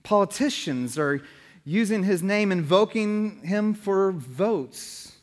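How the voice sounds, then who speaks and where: Guy pastor in his 30s, joking storyteller sermon, kinda high voice, big reverby room. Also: animated, takes it slowly. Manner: humorous storytelling.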